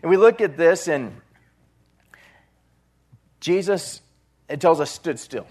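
A man preaching a sermon, retelling a Gospel story with dramatic swings in loudness and voicing the people in it. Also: fairly high pitch, animated, slow, slightly rough.

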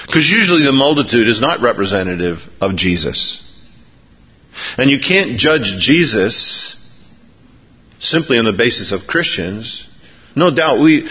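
Male preacher mid-sermon, lively storytelling, recorded dull and muffled in a long-echo hall. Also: on the low side, breathy edge. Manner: acts out biblical characters in lively raised voices.

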